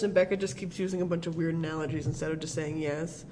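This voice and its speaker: A man's voice: on the high side, steady tone, fast talker, a little mellow, slight background noise, low-quality recording. A man co-hosting a podcast, rambling through a film recap in casual chat and laughing often. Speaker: podcast co-host.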